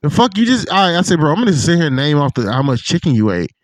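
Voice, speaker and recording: A man in casual chat with a friend, an animated, profane storyteller who acts out what others said. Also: on the high side, very fast, dry recording. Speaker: podcast co-host.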